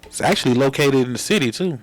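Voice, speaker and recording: A man's voice: medium pitch, animated, dry recording, soft background music. A man hosting a podcast, talking casually and joking with his co-hosts. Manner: laid-back, joking, quick to laugh. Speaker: podcast host. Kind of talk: casual chat.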